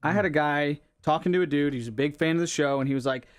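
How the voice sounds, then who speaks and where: A man's voice: on the high side, quick pace. A male talk show co-host who jokes and acts out the people he quotes in casual banter.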